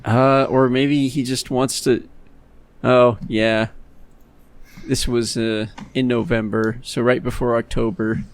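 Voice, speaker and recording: A man's voice: medium pitch, level tone, slow pace. A man co-hosting a let's play in casual banter, giggling as he describes comic panels in detail.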